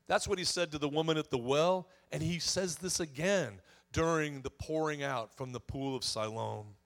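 A man's voice: a little high, moderate pace, hardly any pauses. A man preaching a sermon, telling a scripture story and swelling then dropping his voice for emphasis. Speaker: pastor.

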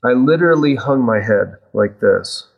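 A man as a podcast guest, earnestly retelling his conversations with God in a loose, animated way with fillers and restarts. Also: mid-range voice, moderate pace, gravelly, highs cut off. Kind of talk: storytelling in a podcast interview.

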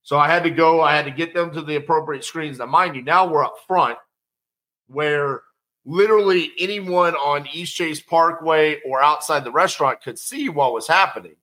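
A man telling a personal story in a conversational, animated way, with quick asides to the listener. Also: a little high, rough recording. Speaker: storyteller recounting a personal experience.

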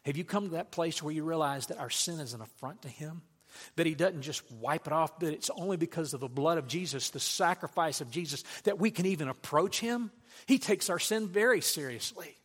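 A man's voice: a little high, lively intonation, brisk, a bit bright. A man preaching a sermon, earnest and direct, telling a story to make his point. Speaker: pastor. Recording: long hall reverb.

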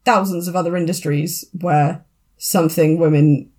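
Lively woman co-host, casual chat. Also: sits low, moderate pace. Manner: lively, laughing, emphatic. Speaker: podcast co-host, sous chef.

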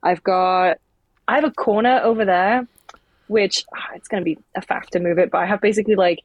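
A woman's voice: medium pitch, fairly even intonation, fairly quick, no echo, highs cut off. A sleepy British woman hosting a podcast from an attic room, chatting loosely and swearing casually. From England. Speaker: podcast host. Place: attic room at her mother's home.

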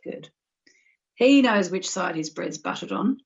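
Rambling through a spiritual live show full of filler words, an Australian woman chats in a casual live-stream manner. Her gravelly, mid-range voice has lively intonation and a measured pace, heard through a muffled lo-fi recording.

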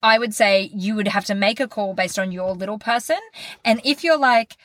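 A woman's voice: medium pitch, moderate pace, a bit bright, no room sound. A woman in her thirties co-hosting a podcast, chatting casually and acting out quoted dialogue as she tells a story. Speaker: podcast co-host. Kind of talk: casual chat.

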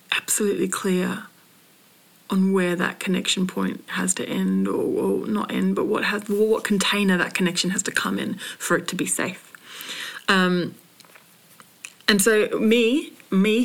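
A woman from Britain, a spoken word poet and coach, hosting a podcast in a slow, searching monologue with restarts and soft breathy passages. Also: fairly low pitch. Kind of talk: reflective solo podcast monologue.

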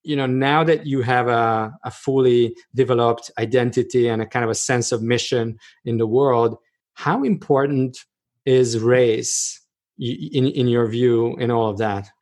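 Male interviewer, average pitch, halting and friendly-casual. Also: fairly even intonation, a little mellow. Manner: halting questions with repeated restarts. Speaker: podcast host. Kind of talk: conversational interview.

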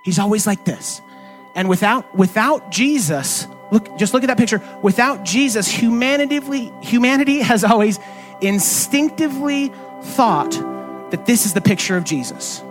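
High-voiced man preaching conversationally. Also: animated, normal speed, faint music behind. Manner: conversational preaching with frequent restarts and rhetorical questions. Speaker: pastor. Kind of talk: sermon.

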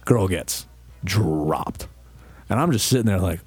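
A man's voice: on the low side, moderate pace, over music. A young man co-hosting a podcast, telling a rambling, profane story in casual chat. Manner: profane, rambling storyteller who acts out quotes. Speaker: podcast co-host.

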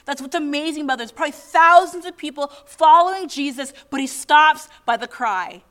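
A woman's voice: high voice, moderate pace, a bit bright. A middle-aged woman preaching a sermon in an earnest way, asking the congregation many questions.

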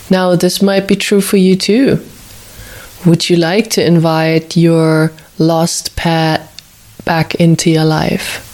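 Slow, soothing woman host. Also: fairly low pitch. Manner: slow, soothing, asks many gentle questions. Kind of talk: guided reflection talk.

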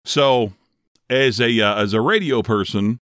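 A man's voice: mid-range voice, a little slow, a bit bright, no echo, clean studio sound. A middle-aged man from Northeast Ohio, a former radio DJ, hosting his own podcast in a chatty, self-deprecating way. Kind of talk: casual solo podcast monologue.

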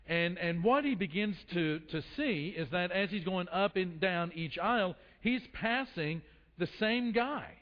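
A man preaching a sermon as pastor. He speaks earnestly and repeats words as he starts his phrases. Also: high-pitched. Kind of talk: sermon with prayer and anecdotes. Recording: echoey hall, dull lo-fi sound.

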